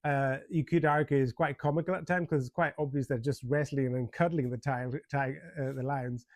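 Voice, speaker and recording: A man's voice: mid-range voice, steady tone, normal speed, dry recording. A man giving a casual spoken movie review, chatty and amused, with many fillers, restarts and frequent chuckles. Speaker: film reviewer.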